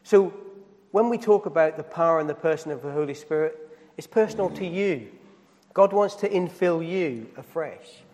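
A pastor preaches to his congregation, pressing points home with direct questions and rising emphasis. His voice sits high for a man. The sound rings with the long reverb of a church hall. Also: animated, normal speed, darkish tone. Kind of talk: sermon.

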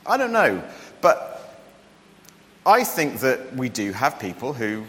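Preacher with a lively, swooping voice. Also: male voice, slow, long reverb tail. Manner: conversational and joking, with lively rises in pitch. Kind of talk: sermon.

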